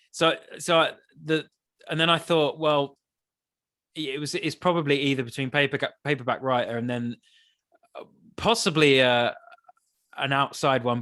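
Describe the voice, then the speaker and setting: A man, a songwriter guest on a podcast, talking in a thoughtful, hesitant way with many restarts, his voice still a bit rough from the early morning. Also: mid-range voice, steady tone, measured pace, pushed and bright. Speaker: musician guest. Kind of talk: casual interview chat.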